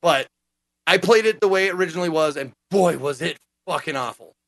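An animated, foul-mouthed man in casual chat, acting out quotes as he goes. His voice sits high and bright. The sound is dry and close. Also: fairly quick, no room sound. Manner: animated, profane, acts out quotes. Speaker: gaming podcast co-host.

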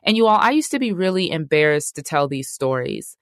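A woman's voice: deep voice, big pitch swings, fairly quick, no echo, clean studio sound. A middle-aged woman, hosting a personal faith talk in a candid, conversational way that speaks straight to her listeners. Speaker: podcast host.

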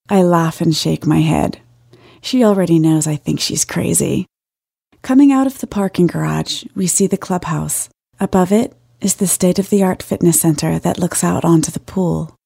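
A woman's voice: lowish voice, moderate pace, gravelly, mellow, slightly rough, dry recording, clean studio sound. A woman narrating a first-person story in a wry, lightly amused way.

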